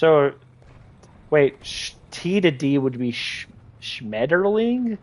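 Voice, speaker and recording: A man's voice: medium pitch, takes it slowly. A man streaming a game, chatting casually and rambling, full of "like" and restarts. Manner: rambling, heavy use of "like", many restarts. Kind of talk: casual chat while gaming.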